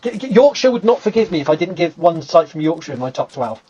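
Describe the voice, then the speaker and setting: Brief: English archaeologist, southern accent, brisk and lively, acts out quotes, muffled call audio. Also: male voice, fairly high pitch, slightly rough. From England. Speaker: archaeologist guest. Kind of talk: animated conversational explanation.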